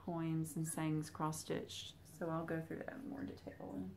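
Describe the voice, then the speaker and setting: This young Flosstube vlogger, Southern US accent and all, shows off old craft patterns from a box while chatting casually to her viewers. Her deep, darkish voice is completely flat and unhurried, and a little hiss or hum runs under it.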